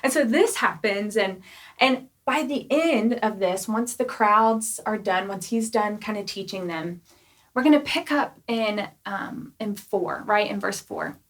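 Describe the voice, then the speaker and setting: A young woman preaching a casual youth sermon, chatty and animated, full of "like" and "right?" asides. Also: mid-range voice, measured pace. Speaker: youth pastor.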